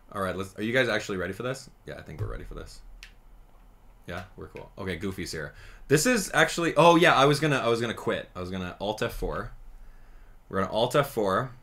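A man giving casual gameplay commentary as a channel host, chatty and excitable, thinking out loud as he plays. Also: lowish voice, fast, creaky.

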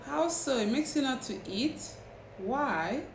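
Slow-talking young woman livestreaming, roomy echo. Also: sits high, expressive. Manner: chatty, teasing, reacts to comments. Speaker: livestream host. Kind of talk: casual livestream chat with viewers. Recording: roomy echo with faint background noise.

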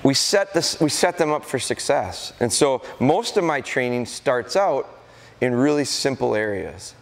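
A middle-aged man from Wisconsin giving a live dog-training seminar to an audience, telling stories and acting out excited calls to a puppy. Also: mid-range voice, unhurried, vocal fry. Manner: animated storytelling, acts out excited calls to dogs. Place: large indoor hall with a corridor.

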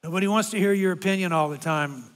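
An older man giving a guest sermon as a humorous, self-mocking storyteller who builds into loud comic rants. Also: sits high, fast. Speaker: guest speaker. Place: church sanctuary. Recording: long reverb of a large hall.

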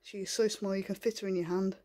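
A woman filming a casual home vlog in her living room, talking softly and in coaxing baby talk to a puppy, often half-whispering, on a handheld camera. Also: medium pitch, flat delivery, fairly quick. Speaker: vlogger.

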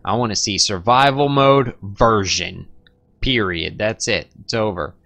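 This young man, a gaming streamer, speaks at a measured pace in a creaky, slightly bright voice. He meanders through his commentary with jokes and side tangents, and addresses his pets in a squeaky baby voice.

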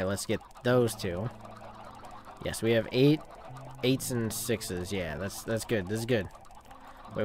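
A man's voice: fairly low pitch, a little hiss or hum. A man hosting a let's-play, talking to himself casually as he plays and now and then bursting into mock rage. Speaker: gaming channel host.

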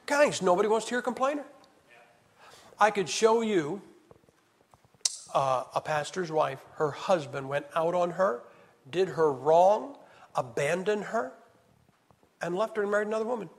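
A man preaching an evangelist's sermon at a camp meeting, swinging from loud to hushed. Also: high-pitched, expressive, normal speed, long pauses. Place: church hall. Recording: reverberant hall sound.

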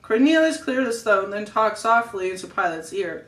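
A family storyteller reads a story aloud at a steady pace and now and then stumbles and corrects a word. The voice sounds roomy. It comes from a mic set some distance away. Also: mid-range voice, normal speed, hardly any pauses. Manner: reads steadily with small slips and self-corrections.

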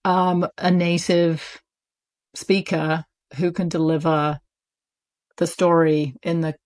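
A woman with a British accent speaks as a guest in an interview. She talks in a loose, chatty way, full of fillers and quick laughs, with a slightly low voice. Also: little pitch movement, a little mellow. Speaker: audiobook publisher, interview guest. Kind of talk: casual interview talk.

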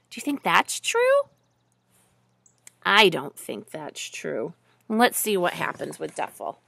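A woman reading a picture book aloud to children, gently asking them questions along the way. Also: medium pitch, huge pitch swings, slow, creaky, dry recording.

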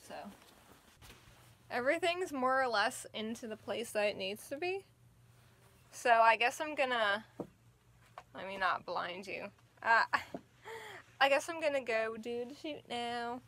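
Slow, fang-slurred cosplay vlogger. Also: medium pitch, bright, forceful tone, a little hiss or hum. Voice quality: slightly slurred speech from costume fangs. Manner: chatty, laughs often, trails off. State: tired from an early start. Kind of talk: casual vlog chat. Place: indoors at home, setting up a photoshoot.

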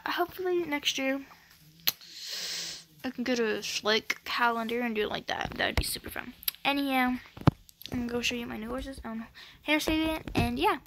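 A woman's voice: high-pitched, creaky, background noise. A woman chatting casually over a video game, rambling with lots of fillers. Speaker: gaming vlogger. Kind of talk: casual chat over gameplay.

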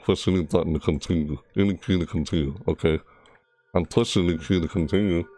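Low-voiced nervous man narrating a game. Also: steady tone, a little fast. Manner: rambling, nervous, thinks out loud. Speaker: let's play gamer. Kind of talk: casual gameplay commentary.

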